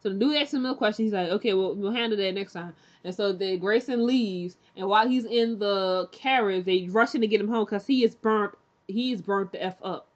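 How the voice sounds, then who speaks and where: A woman's voice: mid-range voice, fairly quick, hardly any pauses. Rambling woman recapping a show, lo-fi. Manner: rambling, many fillers and restarts; chatty and candid, acts out characters' lines. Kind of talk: casual recap chat.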